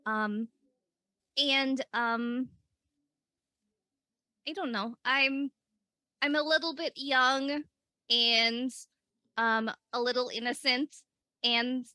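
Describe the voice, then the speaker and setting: A woman playing a young, innocent and curious female adventurer, speaking hesitantly with many pauses. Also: high voice, steady tone, bright, forceful tone, dry recording, exaggerated voice. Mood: shy eager. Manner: hesitant, lots of "um". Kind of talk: tabletop role-play.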